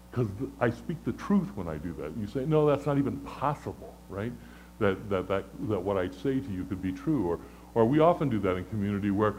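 A man preaching a sermon in a conversational, earnest way, often stammering and restarting, moving between loud pleading and hushed lows. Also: a little hiss or hum, low-quality recording. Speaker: pastor.

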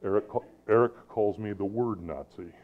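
A middle-aged man delivers a sermon in a lowish voice, swinging between loud emphasis and soft asides. The sound is thin and narrow, like it's coming over a phone line. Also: moderate pace. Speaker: preacher.

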